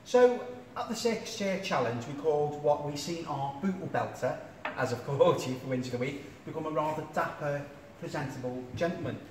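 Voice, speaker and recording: A man's voice: on the high side, animated, fairly quick, few pauses. A man hosting an interview, asking long-winded, jokey questions. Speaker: interviewer, host. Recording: echoey room, distant mic, faint noise.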